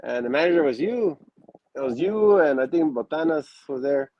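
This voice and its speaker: A man's voice: a little high, expressive, moderate pace, highs cut off, slight background noise. A man in a casual interview, telling stories with many restarts and fillers and acting out quotes. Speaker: wrestler guest.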